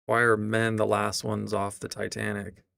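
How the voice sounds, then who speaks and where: A man's voice: fairly low pitch, monotone, normal speed, creaky, fairly bright tone, no room sound, clean studio sound. A male streamer reacting live to a clip, incredulous and sarcastic, swearing now and then.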